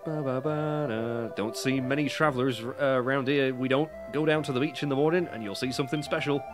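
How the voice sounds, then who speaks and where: A man's voice: mid-range voice, steady tone, quick pace. A British man casually commenting on a video game, reading the dialogue aloud and swearing. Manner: chatty, reads game text aloud in plain voice, swears, self-mocking. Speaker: let's play commentator. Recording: game music playing behind.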